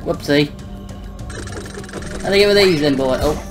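A man's voice: a little high, moderate pace, music in the background, rough recording. A young man giving casual, joking let's-play commentary, muttering and swearing at the game. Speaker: gameplay commentator.

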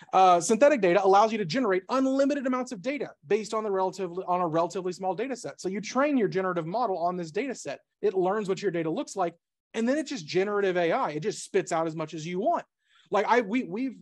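Male presenter, brisk and slightly high, casual and jokey, keeps restarting sentences. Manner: rapid, self-interrupting, jokey asides. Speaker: conference speaker. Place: meetup presentation room.

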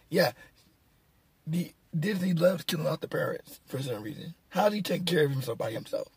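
Man, deeply raspy voice, casual film review, rambling, sarcastic, chuckles between points. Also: animated, moderate pace, no echo. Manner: rambling, restarts often, chuckles at his own jokes; sarcastic, mocking. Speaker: movie reviewer.

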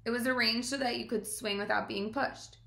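A woman reads a children's book aloud in a calm, measured way. Her voice is bright and clear. The recording has the echo of a reflective room. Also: fairly high pitch. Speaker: reader.

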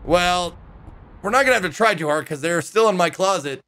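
A man's voice: high-pitched, a little fast, pushed and bright, clean tone. A man streaming a horror game, chatting and joking in casual commentary. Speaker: gaming streamer. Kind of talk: casual let's-play commentary.

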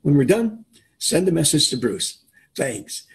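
A man's voice: a little high, very animated, unhurried. A man hosts a video call interview in a casual, earnest way, talking straight to viewers. He often doubles back on a word before going on. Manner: earnest, repeats words while he talks. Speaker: interviewer, host.

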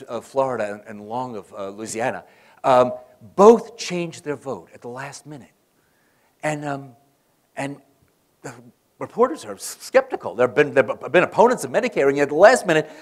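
A man giving a conference lecture, telling political stories and acting out the quoted voices. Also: a little high. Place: conference hall.

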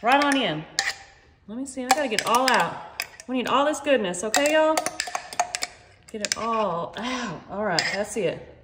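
Chatty high-voiced woman cooking. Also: expressive, moderate pace, long pauses. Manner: chatty, playful, talks to viewers as y'all. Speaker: home cooking vlogger. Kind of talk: casual cooking demonstration. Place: home kitchen. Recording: echoey kitchen with faint noise.

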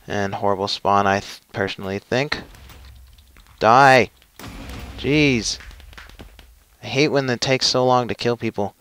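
Slow-talking young gamer man, frustrated. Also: medium pitch, a bit bright. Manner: frustrated, self-mocking outbursts. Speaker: gaming channel host. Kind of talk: gameplay commentary.

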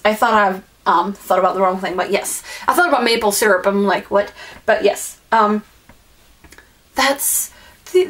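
A woman chatting casually at home while unboxing a gift package. She gushes excitedly and fills her talk with fillers and apologies. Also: a little high. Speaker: vlogger opening a gift swap package. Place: at home indoors, in the evening.

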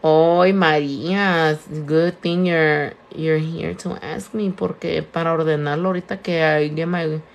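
Her voice is deep and fairly even in intonation, with vocal fry, a moderate pace and few pauses, and the sound is lo-fi. She's a young Californian-accented nail tech and shop owner, chatting on a live stream as she does nails, answering viewers and slipping Spanish words into her English.

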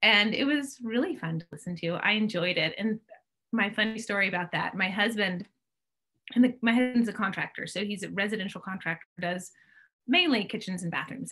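Middle-aged author, woman, lively teller, allergy throat-clearing, video call audio. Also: mid-range voice. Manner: animated storyteller, clears throat often. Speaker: author guest. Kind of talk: casual chat.

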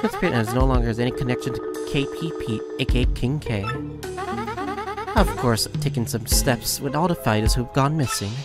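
A cool, reserved arena manager who answers with stiff formality, as a man reads her lines in a lowered voice. Game music plays clearly underneath. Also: normal speed, lightly acted. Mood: guarded. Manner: flat, formal, clipped.

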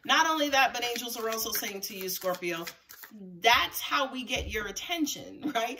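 Far from the mic, a woman with a higher, expressive voice speaks unhurriedly in a pushed, bright tone. She's doing a live tarot reading, chatting casually and directly with her viewers, swearing a lot and laughing often.

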